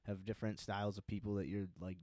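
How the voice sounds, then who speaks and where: A man's voice: lowish voice, level tone, warm tone, no echo. Chatty guy co-hosting, keeps asking stuff, dry dead sound. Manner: eager, asks questions, quick agreeing replies. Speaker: co-host. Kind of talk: casual chat. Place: studio.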